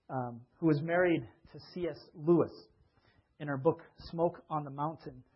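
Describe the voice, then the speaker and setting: Guy preaching a sermon, chatty, keeps asking the crowd questions, kinda husky, muffled lo-fi audio. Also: on the high side. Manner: conversational, asks listeners questions. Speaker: pastor.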